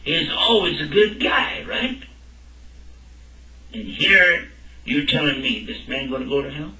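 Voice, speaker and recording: A man's voice: a little high, lively intonation, unhurried, bright, forceful tone, heavily acted. A man voicing a skeptical man who challenges the teacher, asking pointed, indignant questions. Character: skeptical man defending a kind neighbor. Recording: echoey room, mic at a distance.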